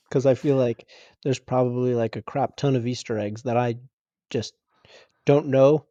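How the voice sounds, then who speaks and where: A man's voice: mid-range voice, steady tone, unhurried, warm tone, no echo, highs cut off. A man joining a casual podcast chat, laid-back and laughing at himself. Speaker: podcast co-host.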